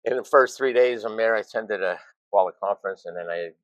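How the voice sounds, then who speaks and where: A man's voice: on the low side, brisk, dry recording, rough recording. A man in his sixties, a retired zookeeper, telling rambling anecdotes with self-deprecating chuckles in a casual interview. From United States.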